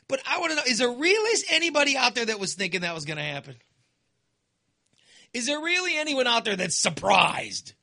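A man's voice: very high voice, big pitch swings, a little fast, bright, forceful tone, dry recording, studio quality. A man ranting casually, exasperated and sarcastic, sounding fired up. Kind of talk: casual opinion rant.

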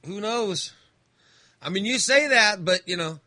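A man's voice: high-pitched, animated, unhurried, a loud crowd. A man chatting casually as host, rambling with lots of fillers and restarts. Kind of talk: casual chat.

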